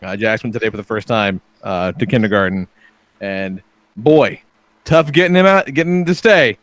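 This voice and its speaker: A man's voice: lowish voice, normal speed, a bit bright. A man in his thirties co-hosting a podcast, telling stories in a laid-back way, swearing freely and chuckling often. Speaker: podcast co-host. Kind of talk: casual podcast banter.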